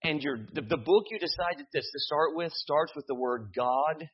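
A man preaches from the pulpit, animated and joking, often repeating his words. His voice is a little husky. The recording sounds dull and lo-fi. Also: on the high side, normal speed. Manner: animated preaching with humor and repetitions. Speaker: pastor. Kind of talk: sermon.

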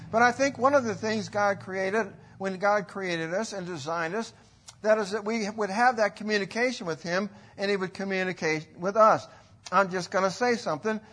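A middle-aged man preaching a sermon in a folksy, rambling way, rising to loud bursts when he quotes. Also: high voice.

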